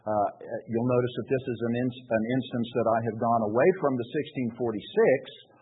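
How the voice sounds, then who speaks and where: A man preaching a sermon with a husky voice, asking the congregation questions and answering them himself. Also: mid-range voice, fairly even intonation, brisk. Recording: tinny narrow-band recording.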